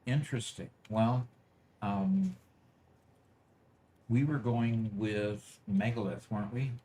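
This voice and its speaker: A man's voice: medium pitch, takes it slowly, mellow. A man hosting a casual gaming livestream, talking with a hesitant, filler-heavy manner. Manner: hesitant, lots of fillers and restarts. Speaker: host of a gaming channel.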